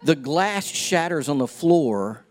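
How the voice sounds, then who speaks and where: A man in his fifties preaching a sermon, telling a personal story with folksy humor and moving between hushed moments and emphatic points. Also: fairly high pitch, expressive, slow. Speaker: pastor.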